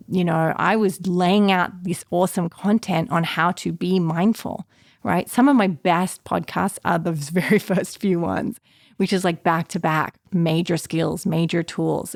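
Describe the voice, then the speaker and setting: Fast-talking enthusiastic woman podcast host. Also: on the low side, creaky, darkish tone, no echo, studio quality. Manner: fast, passionate, encouraging. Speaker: podcast host and anxiety therapist. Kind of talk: casual solo podcast talk.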